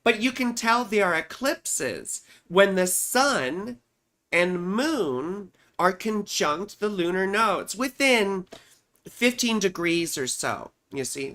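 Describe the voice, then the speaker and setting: This astrologer hosts a relaxed livestream from her home, and her voice sits at medium pitch with a slightly bright quality. She chats and rambles, regularly tagging her explanations with "you see" and "right" to check in with whoever's listening.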